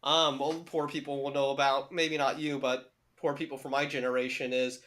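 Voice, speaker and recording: A man's voice: medium pitch, flat delivery, normal speed, a bit bright. A young man co-hosting a podcast in casual, profane, joking chat. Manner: joking, profane, laughs often. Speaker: podcast co-host.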